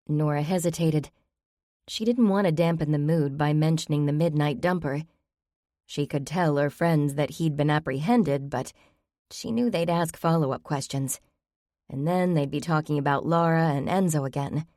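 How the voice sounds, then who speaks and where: A woman's voice: sits low, moderate pace, dark tone, dry recording, studio quality. A woman narrating a cozy mystery novel with a light, wry delivery. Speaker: audiobook narrator. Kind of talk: scripted narration.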